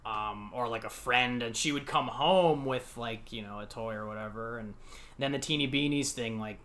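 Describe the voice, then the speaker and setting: A man in his thirties from the United States, co-hosting a podcast and telling childhood stories in a lively, laughing way, acting out the voices in them. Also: mid-range voice, moderate pace. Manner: animated, laughing, acts out quotes. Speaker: podcast co-host. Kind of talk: casual storytelling chat.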